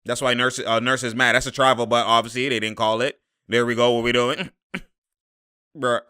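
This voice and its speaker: Bright, exasperated young man reacting to a game. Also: mid-range voice, moderate pace, smooth. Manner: exasperated, slangy, laughing and shouting at plays. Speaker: sports commentator reacting to a game. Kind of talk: casual live game reaction.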